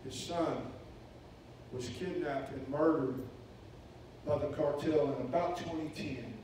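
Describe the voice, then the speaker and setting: A man preaching a sermon, telling a story with energy and loudly acting out the voices in it. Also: a little high, measured pace. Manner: animated, acts out quoted voices loudly. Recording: echoey hall, distant mic, faint hiss.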